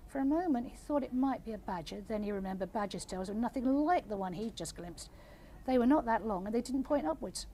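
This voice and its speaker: Older female author, gentle measured reader at a live event. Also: fairly high pitch, animated, a little hiss or hum. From England. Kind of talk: reading aloud then audience Q&A.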